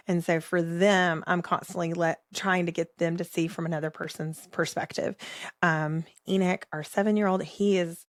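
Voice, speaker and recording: Candid thirties mom podcaster, low pitch, laughs easily, dry studio-close sound. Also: female voice, fairly even intonation, moderate pace, dry recording. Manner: candid, laughs often, quotes herself talking to her kids. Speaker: podcast co-host. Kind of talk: casual faith podcast chat.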